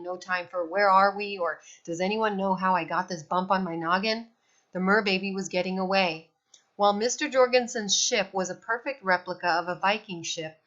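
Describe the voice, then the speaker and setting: Reading a children's novel aloud, a woman with a medium-pitched voice brings an expressive storytelling style, though the recording comes across as slightly dull.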